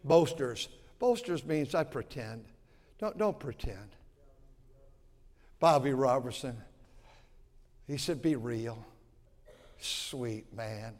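In a church sanctuary with long hall reverb, a male pastor preaches a sermon to his congregation, emphatic and repetitive with folksy asides. His mid-range voice is expressive and darkish, moving slowly with long pauses.

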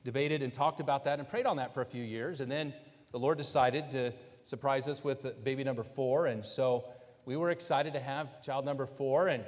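A man telling a personal story about his family, animated, with lively quoted asides. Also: mid-range voice, moderate pace. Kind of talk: personal story told to an audience. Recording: long hall reverb.

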